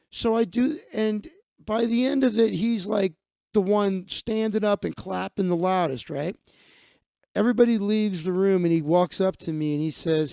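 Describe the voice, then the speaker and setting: Gravelly guy rambling on his live stream, a bit high, dry sound, swears a lot. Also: steady tone, moderate pace, mellow, dry recording. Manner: rambling, profane, many restarts and fillers. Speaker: live-stream host, magician. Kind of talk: casual storytelling monologue.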